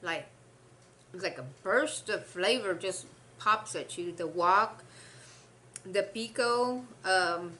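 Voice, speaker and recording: A woman's voice: mid-range voice, slow pace, pauses often, pushed and bright, slight background noise. A young woman, rambling through a story between bites on her eating show. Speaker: mukbang host. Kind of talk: casual eating-show chat.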